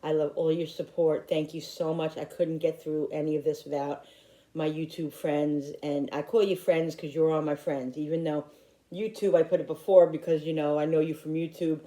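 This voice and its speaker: Speaking from home in upstate New York, this middle-aged YouTuber has a low, dark voice with a flat delivery at a moderate pace. Her personal vlog talk to viewers is heartfelt and rambling, with frequent restarts mid-sentence.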